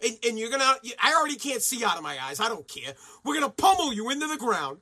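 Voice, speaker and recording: A man hosting a profane, mocking sports rant, sometimes shouting and mimicking others. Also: very high voice, sing-song, fast, husky. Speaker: sports commentary host. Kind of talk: ranting sports commentary.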